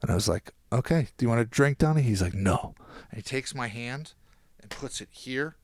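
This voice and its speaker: A man, a podcast guest, telling a long anecdote in casual chat and quoting people in quick voices. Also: medium pitch, expressive.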